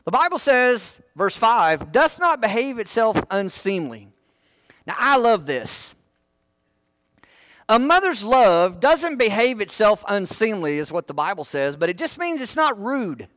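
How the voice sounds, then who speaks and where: A man's voice: sits high, big pitch swings, a little slow, a bit bright, dry recording. A man preaching a sermon in church, folksy and full of joking asides. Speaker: pastor.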